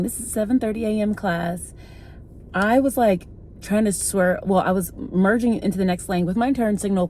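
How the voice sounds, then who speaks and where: A Midwestern American woman in her thirties chats casually to camera in a vlog, telling a story peppered with "like" fillers. Her voice sits on the low side with a dark tone and a little hiss or hum.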